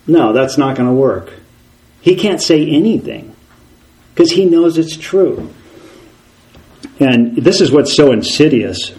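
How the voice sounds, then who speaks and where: A male preacher in full sermon mode keeps his delivery animated. He fires off rhetorical questions and slips into acted voices for the figures he quotes. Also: on the high side, slow pace, pauses often, poor audio.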